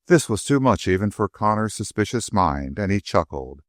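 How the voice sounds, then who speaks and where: A man narrating an audiobook in an expressive, varied delivery on a close mic. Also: on the low side, moderate pace, few pauses, no room sound. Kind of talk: scripted narration.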